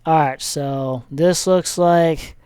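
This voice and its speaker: A man's voice: fairly high pitch, slow pace, a little mellow, smooth, dry recording, studio quality. A man giving a casual, rambling sports recap as he clicks through a screen, with many fillers and self-corrections. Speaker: sports vlogger.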